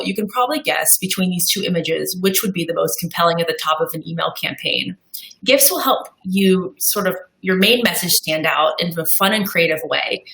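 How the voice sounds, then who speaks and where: A woman's voice: lowish voice, fairly bright tone, reverberant, poor audio. A woman on a live marketing webinar, walking through slide examples in an upbeat way with a few fillers. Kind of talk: presenting tips on a live webinar.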